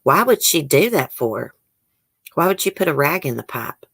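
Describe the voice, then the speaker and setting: Woman, low voice, casual stream host, chatty, reads comments aloud. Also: big pitch swings, normal speed, vocal fry, fairly bright tone, breathy edge. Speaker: YouTube host. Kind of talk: casual live-stream chat.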